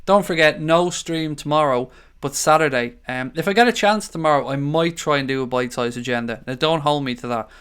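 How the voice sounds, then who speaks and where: A man's voice: fairly high pitch, brisk, hardly any pauses, fairly bright tone, clean tone. A tired Irish man hosting a casual live stream, chatting loosely and reading out viewer comments. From Ireland. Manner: chatty, rambling, calls viewers mate. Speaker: livestream host.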